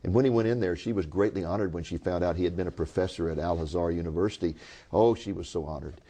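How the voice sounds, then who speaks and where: A man hosts a TV interview show, turning to the audience with a folksy "folks" and retelling stories. His voice is low and warm, and he talks in an easy, conversational way. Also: fast talker. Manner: folksy, addresses viewers directly. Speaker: TV host. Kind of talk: interviewing and storytelling to viewers.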